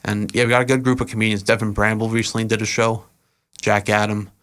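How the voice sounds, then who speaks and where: A young adult man, an event organizer and rapper, chats casually as a podcast guest. He tells long stories at an easy, unhurried pace, loose and rambling, with many "uh"s and small restarts. His voice is slightly low, clear, and resonant.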